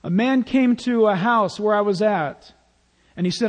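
A man's voice: high-pitched, normal speed, long reverb tail. A male pastor preaching an emphatic sermon in a large church, telling stories to the congregation.

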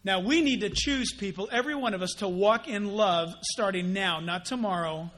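Preaching with animation, a male pastor uses a high-pitched voice and slips into quick quoted voices to act out gossips and people praying.

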